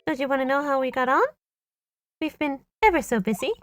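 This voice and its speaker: A woman voicing a polite, cheerful young female assistant in a prim, gentle, proper way, reading game dialogue on a stream. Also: high voice, brisk, soft background music, pitched above the performer's own voice, close to an everyday voice.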